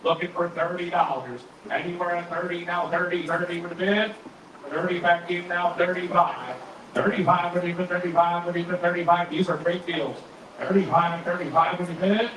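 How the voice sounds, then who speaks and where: Distant fast-chanting male auctioneer. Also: high voice, steady tone, fairly bright tone. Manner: rhythmic repeating number calls. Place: busy auction hall. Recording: distant echoey hall with noise.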